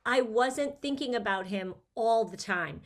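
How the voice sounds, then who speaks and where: A woman's voice: a little high, lively intonation, measured pace. A middle-aged woman talking casually with friends. She tells personal stories about her kids leaving home in a candid, emotional way. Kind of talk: casual chat.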